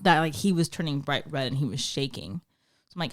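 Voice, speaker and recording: Low-pitched and quick, with lively intonation, a woman chats casually as a guest on a podcast. She's a talkative storyteller who leans on plenty of fillers.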